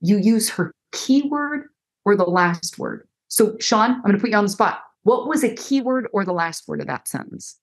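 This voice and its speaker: A middle-aged woman counselor explains her ideas in a lively, conversational way. She slips into quoted dialogue, shifting her voice for each speaker. Her pitch sits in an ordinary mid range. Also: normal speed. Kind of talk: conversational teaching on a faith podcast.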